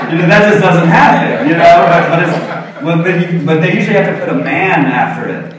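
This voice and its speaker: A man's voice: fairly high pitch, brisk, a loud crowd. Middle-aged male health coach, self-deprecating stage talk, big reverberant hall, distant mic. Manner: earnest, self-deprecating, acts out quotes. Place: large expo hall stage.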